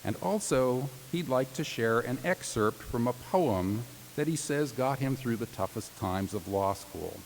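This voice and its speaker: A man at a microphone announces each graduate and reads their thank-yous in a formal ceremonial tone, slipping in playful jokes between lines. His middle-pitched voice rings out with long reverb across a large hall. A faint hiss sits under the recording. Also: animated, unhurried, few pauses. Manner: formal reading with playful joking asides. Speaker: commencement announcer. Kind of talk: ceremonial reading of graduate tributes.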